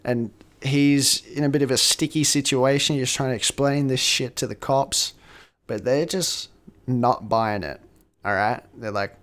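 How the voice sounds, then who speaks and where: A man of average pitch tells a film's story in a loose, swearing style. He sounds animated and conversational, like a podcast co-host talking with a friend. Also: a little slow. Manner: profane, animated retelling. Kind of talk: casual film recap.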